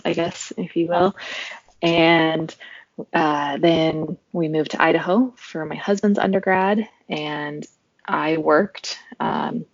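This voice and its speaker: A woman's voice: low-pitched, no room sound, highs cut off. A young woman from Oregon, a podcast guest telling her story in a casual, rambling way full of fillers. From Oregon, USA. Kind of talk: casual interview chat.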